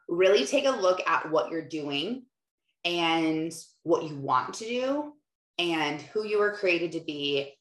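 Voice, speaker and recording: A woman's voice: low voice, reverberant. A woman in her thirties hosting a motivational podcast, talking casually and animatedly and acting out her own thoughts. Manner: chatty, animated, acts out her own inner voice. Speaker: podcast host.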